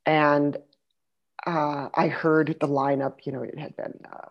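A middle-aged woman in casual conversation, an animated storyteller who laughs and restarts her sentences. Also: low-pitched, measured pace, muffled recording. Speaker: guest.

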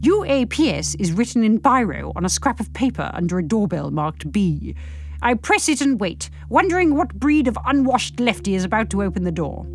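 A sardonic woman reads from her own comic book, breaking off for wry, self-mocking asides. Her voice sits fairly high and bounces lively up and down. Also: moderate pace, slight background noise. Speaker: podcast host reading her book.

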